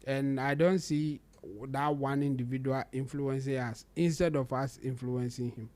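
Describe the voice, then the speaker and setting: A Ghanaian man speaking as a panelist, making slow, measured remarks. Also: medium pitch, fairly even intonation, a little mellow.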